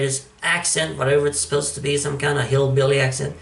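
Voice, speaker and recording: A man's voice: a little high, little pitch movement, quick pace, vocal fry, hardly any pauses, a bit bright. A man giving casual, wry commentary on a comic book, chuckling as he goes. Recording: echoey room, distant mic.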